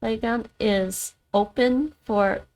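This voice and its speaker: Streamer, female, Dutch native speaker; unhurried, chatty, thinks aloud. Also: fairly high pitch, fairly even intonation, a little mellow. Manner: chatty, thinks aloud, repeats words to practice. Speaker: streamer learning languages. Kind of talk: casual livestream language practice.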